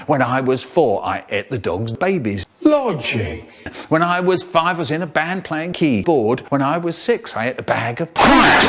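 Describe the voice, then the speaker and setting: A man in his seventies performing comic stories and rhymes in a theatrical, lively way. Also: mid-range voice, a little hiss or hum. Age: 70s. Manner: theatrical, lively, swoops between silly voices. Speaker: children's poet performer. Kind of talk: animated storytelling, chopped into a remix.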